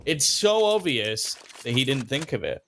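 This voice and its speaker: A man doing play-by-play commentary as an esports caster, quick and playful with joking banter. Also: mid-range voice, big pitch swings, sharp tone, a little hiss or hum.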